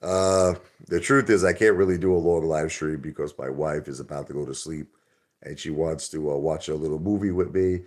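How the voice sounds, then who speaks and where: A man's voice: extremely low pitch, normal speed, a little mellow. A middle-aged man, hosting a casual livestream and rambling to his viewers in a street-talking way. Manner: rambling, street-talking, calls people brother. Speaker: livestream host.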